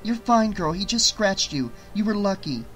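A tough, capable young woman speaks in a raised, bright voice that is clearly pitched above the narrator's own, as a male reader acts her out. She sounds breathless and steadying. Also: expressive, moderate pace, faint music behind. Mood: reassuring. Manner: breathless, reassuring.

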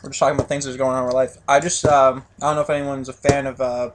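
A young man chatting casually in a rant video, rambling and swearing with excitable bursts. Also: mid-range voice, rapid-fire, noisy background. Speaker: vlog co-host.

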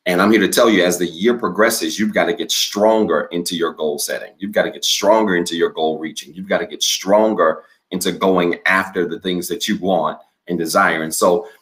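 A man preaching as a pastor, upbeat and direct, reading declarations slowly so listeners can repeat after him. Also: low voice, fairly even intonation, a bit bright. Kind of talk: sermon with responsive reading.

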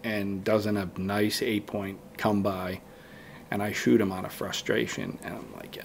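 A low, gravelly man's voice, rambling through a long story in a casual podcast chat. He keeps slipping into quoting his own past thoughts. A faint hiss sits under the recording. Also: unhurried. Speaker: guest bowhunter.

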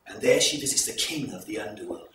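Bright-voiced man retelling a folk tale. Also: lowish voice, expressive, slight background noise. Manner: measured, explanatory retelling. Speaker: presenter introducing a folk performance. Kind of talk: live storytelling to an audience. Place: live event hall. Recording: echoey hall recorded from far off.

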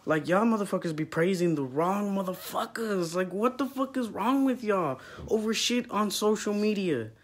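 A young man rants straight to camera, loud and heated, swearing constantly. His voice sits a little high for a man. He talks like he is venting to his followers. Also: animated, moderate pace, few pauses. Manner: loud, profane, heated ranting. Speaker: vlog host. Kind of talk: profane rant to camera.

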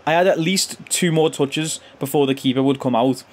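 A young man giving casual, slangy commentary over his own football video game, chuckling often and jumping to excited shouts when goals go in. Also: a little high, moderate pace. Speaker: gaming YouTuber and streamer. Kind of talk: casual live gameplay commentary.

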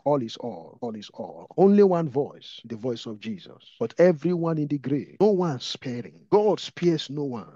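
A man's voice: fairly high pitch, dark tone, dry recording, highs cut off. A man leading fervent prayer and preaching, repeating phrases and speaking in tongues.

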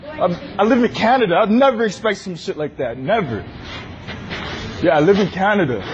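A man filming on his phone inside a large store, loudly and insistently confronting staff who follow him. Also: high-pitched, lively intonation, normal speed, lo-fi sound, a little hiss or hum. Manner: loud, insistent, repeating demands. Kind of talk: heated filmed confrontation. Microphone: handheld phone recording.

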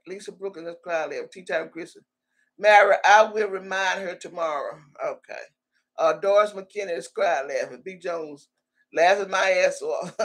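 In a fairly low, husky voice, a woman chats casually on her live stream. She laughs a lot, teases, and works through viewer names and comments one after another.

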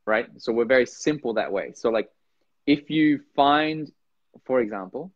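This Norwegian podcast guest has a medium-pitched voice and talks at a normal speed in casual conversation. His delivery is loose and animated, jumping up into playful voices whenever he acts something out. Recorded close and dry with no room sound, the audio comes across slightly dull and lo-fi.

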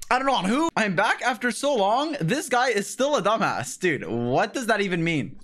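Young guy streaming, talks kinda high, swings all over the place, cussing at chat. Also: measured pace. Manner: animated, swearing, bantering with chat. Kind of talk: casual livestream chat.

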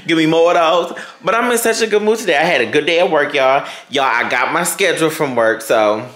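A man's voice: on the high side, brisk, fairly bright tone, echoey room, poor audio. A man chatting casually to his viewers in an upbeat vlog, calling them y'all. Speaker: vlogger.

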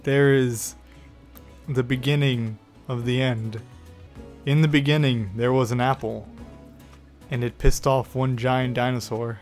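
A man giving excitable let's play commentary, swearing often and taunting the creatures on screen. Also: medium pitch, measured pace, long pauses, faint music behind. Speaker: gaming YouTuber.

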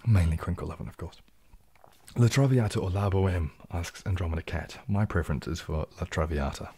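Deep, husky New man. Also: a little fast, mellow. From New Zealand. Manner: reads viewer comments aloud and answers them in a low, laid-back way. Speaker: ASMR streamer. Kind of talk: casual live-stream chat, soft-spoken.

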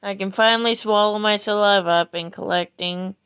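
A woman's voice: mid-range voice, steady tone, fairly quick, fairly bright tone, clean tone. A woman hosting her own channel, chatting casually and jokingly between songs with a sore throat. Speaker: channel host. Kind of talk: casual karaoke vlog chat.

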